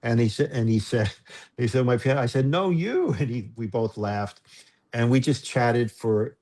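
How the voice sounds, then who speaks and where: A man speaking as a guest musician in a casual interview, telling a story in a halting, self-interrupting way and getting choked up. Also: mid-range voice, steady tone, a little mellow. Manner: halting, self-interrupting, emotional when recalling.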